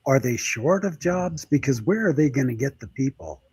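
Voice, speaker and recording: A man's voice: medium pitch, expressive, moderate pace, a little mellow, husky, no echo. A man hosting and editing a podcast, chatting casually with a wry, joking manner. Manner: wry, joking, laughs often. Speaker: podcast host and editor. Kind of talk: casual panel chat.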